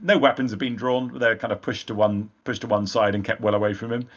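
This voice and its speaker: A man's voice: fairly low pitch, steady tone, brisk, fairly bright tone, lo-fi sound. A man narrating as game master of a tabletop game, rambling with frequent hesitations.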